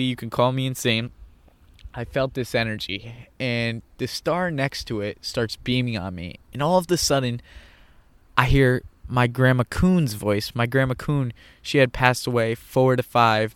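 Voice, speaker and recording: A man's voice: medium pitch, fairly bright tone, smooth, no room sound. A man telling a personal story in an earnest way, repeating phrases for emphasis. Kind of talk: personal monologue.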